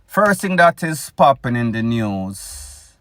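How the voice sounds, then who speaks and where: A Jamaican man hosting a news commentary show, speaking slowly and deliberately with an opinionated edge. He talks straight to his listeners. His voice is dry and close to the mic, with no room sound. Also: mid-range voice, sing-song, fairly bright tone, no echo. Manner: opinionated, addresses listeners as "people". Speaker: news blogger host.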